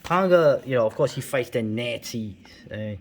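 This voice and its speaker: A man's voice: medium pitch, expressive, normal speed, a little hiss or hum. A middle-aged man from New York City, talking over comic books in a loose, rambling way. He fills his talk with fillers and asides and chuckles often. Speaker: comics video host. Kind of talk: casual rambling commentary.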